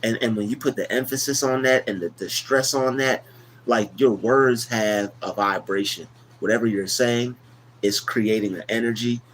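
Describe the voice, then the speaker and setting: A man of middle pitch hosts a casual livestream, circling back over his words and leaning preachy as he talks. A faint background ambience sits under his voice. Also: steady tone, normal speed, fairly bright tone, a little hiss or hum. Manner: loose, repetitive, preachy. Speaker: livestream host. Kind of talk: casual motivational livestream talk.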